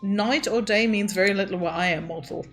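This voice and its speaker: A woman's voice: mid-range voice, brisk, a bit bright, faint music behind, close to an everyday voice. A woman reading the text chat of an aloof, grumpy male Grim Reaper in a dating game, in a dry, curt manner. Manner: dry, curt, flustered when teased.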